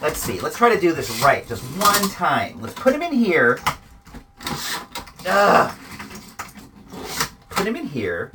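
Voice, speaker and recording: A man hosting a podcast, chatting casually and excitedly as he reviews a toy and makes playful sound effects. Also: on the high side, a little slow, background noise. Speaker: podcast host.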